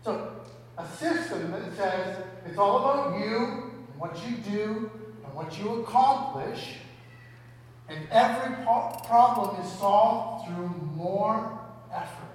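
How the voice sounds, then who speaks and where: A man's voice: high voice, slow pace. A man preaching a sermon to a congregation, talking in a conversational way and asking rhetorical questions. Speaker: pastor. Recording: echoey hall, mic at a distance.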